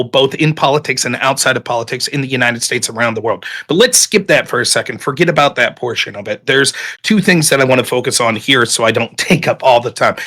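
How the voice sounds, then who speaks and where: A man's voice: mid-range voice, sharp tone. A man on a political panel, arguing emphatically and heatedly with frequent swearing. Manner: profane, emphatic.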